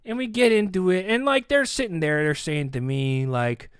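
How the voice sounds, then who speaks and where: A man hosting a podcast, telling a comic story with animated delivery and acted-out voices. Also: high voice, moderate pace, clear, resonant tone, dry recording, studio quality. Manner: animated, acts out quoted voices. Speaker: podcast host. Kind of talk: comedic storytelling.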